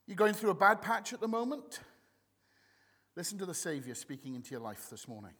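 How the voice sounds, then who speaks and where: A man preaches to his congregation in a warm, conversational sermon style, swinging widely up and down in pitch. His voice sits high and bright, and it carries a long reverb tail from the church hall. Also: very animated, brisk. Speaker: pastor.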